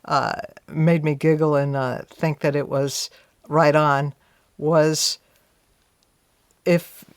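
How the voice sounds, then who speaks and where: A woman being interviewed tells a story in a reflective, conversational way, often saying "you know" and speaking her own past thoughts aloud. Her voice sits low with little pitch movement, slow and clean-toned. The recording is dry, with clean studio sound.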